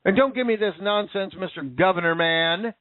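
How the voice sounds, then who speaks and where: A man's voice: high voice, moderate pace, no echo. Indignant man ranting, tinny sound. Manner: indignant, profane, full of rhetorical questions; sarcastic. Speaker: commentator. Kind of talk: angry ranting monologue. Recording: tinny phone-like dry sound.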